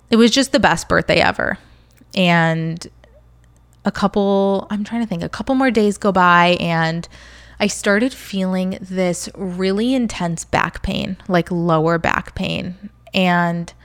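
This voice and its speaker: A woman's voice: on the low side, slow pace. A young woman telling a personal story in a candid, conversational way, full of "like"s and at times fighting back tears. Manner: conversational, lots of fillers and "like". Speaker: vlogger sharing a personal story.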